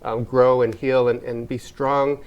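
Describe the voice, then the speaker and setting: A man's voice: mid-range voice, little pitch movement, unhurried, a little mellow, muffled recording. An American man, a wellness spa owner, talking earnestly in a casual interview, rambling with many fillers and restarts.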